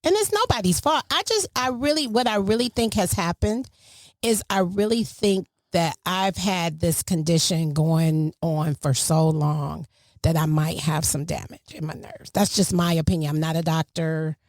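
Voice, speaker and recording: A middle-aged woman hosting a casual family podcast, telling a story with lively, swinging emphasis. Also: moderate pace, no echo, clean studio sound. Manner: animated, storytelling, swings pitch widely for emphasis. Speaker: podcast host.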